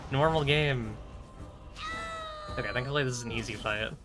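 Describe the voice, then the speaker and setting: A man's voice: medium pitch, normal speed, music in the background. A young man streaming a video game, chatting casually, joking, laughing often and swearing. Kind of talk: live gaming commentary.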